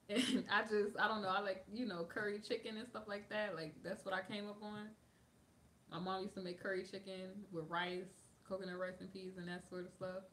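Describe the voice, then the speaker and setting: A woman with a bright, crisp voice at a middle pitch chats loosely with her viewers. She hosts a casual livestream, filling her sentences with "like" and wandering from one topic to the next. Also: flat delivery, normal speed, a little hiss or hum. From United States. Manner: chatty, lots of "like" fillers, drifts between topics. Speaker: livestream host answering viewer comments. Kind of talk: casual chat.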